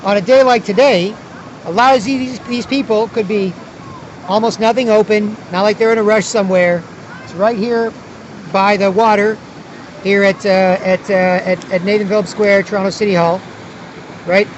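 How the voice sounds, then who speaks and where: A man's voice: high-pitched, steady tone, normal speed, dull audio, slight background noise. A man vlogging outdoors at a city square, talking in a rambling, repetitive way with many restarts. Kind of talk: casual outdoor monologue.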